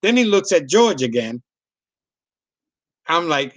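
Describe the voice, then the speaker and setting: Profane, rambling comedian with a dry close sound. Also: male voice, on the high side, very animated, unhurried, pauses often, fairly bright tone, no room sound. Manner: profane, rambling, laughing storyteller. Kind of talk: casual storytelling on a video call.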